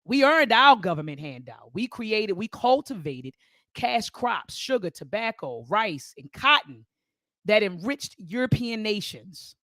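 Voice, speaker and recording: A woman's voice: mid-range voice, very animated, a little slow, a bit bright, no room sound. An impassioned woman hosts a live-stream book discussion. Her voice sits in a middle range. She speaks with a rhythmic, preacher-like repetition, and the sound is dry and close, with no room around it. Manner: impassioned, preacher-like cadence, repeats phrases. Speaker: host.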